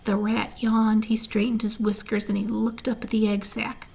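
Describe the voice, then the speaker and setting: A woman narrating a children's storybook in a clear, measured way. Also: fairly high pitch, level tone, darkish tone. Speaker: reader. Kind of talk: storybook reading.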